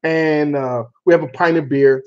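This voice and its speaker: A man hosting a casual chat show, telling a story in an animated way with laughter and mild cursing. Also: a little high, moderate pace. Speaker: show host. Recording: dull lo-fi sound.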